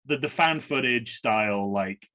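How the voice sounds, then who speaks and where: A man's voice: mid-range voice, measured pace, sharp tone. A man co-hosting a podcast, chatting casually during a movie watch-along, rambling and correcting himself as he goes. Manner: rambling, self-correcting, trails off. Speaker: podcast co-host.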